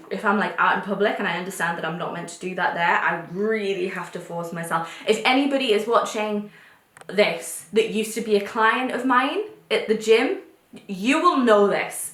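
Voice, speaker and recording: A young woman with a posh English accent chats frankly to camera, her words tumbling out in quick bursts and restarts. Her voice sits at a middling pitch, and it echoes around the room. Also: a bit bright. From North East England. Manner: candid, chatty, fast bursts with restarts. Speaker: vlogger. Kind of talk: casual talk to camera.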